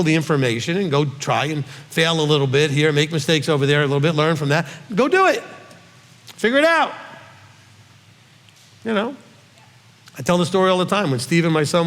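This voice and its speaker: A man's voice: fairly high pitch, fairly bright tone. Emphatic middle-aged man teaching in a reverberant hall. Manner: emphatic, with frequent "okay?" check-ins. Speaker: rabbi teacher.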